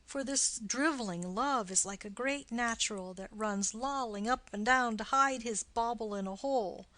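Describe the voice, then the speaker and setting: A woman's voice: fairly high pitch, sharp tone, no echo. A woman reading a mocking young nobleman. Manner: quick, punning banter. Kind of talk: audiobook reading of a play.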